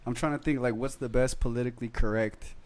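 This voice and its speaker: A man's voice: medium pitch, fairly even intonation, fast. A young man hosting a podcast in casual chat, talking loosely with lots of slang. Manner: laid-back slang-heavy talk. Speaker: podcast host.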